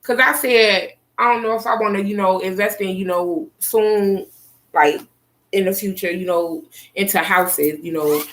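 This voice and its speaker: A woman's voice: medium pitch, a little slow, fairly bright tone. A woman co-hosting a casual podcast, talking bluntly and animatedly. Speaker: podcast co-host. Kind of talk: casual chat.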